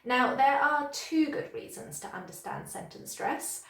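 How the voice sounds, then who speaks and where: Woman, English teacher, higher voice, clear and encouraging, echoey room. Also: animated, unhurried. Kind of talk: online pronunciation lesson.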